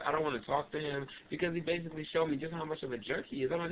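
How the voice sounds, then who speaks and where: A young adult man vlogging, telling a story in an animated, emphatic and indignant way. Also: a little high, very fast, hardly any pauses. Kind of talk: casual ranting storytelling. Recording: tinny lo-fi webcam audio with faint hiss.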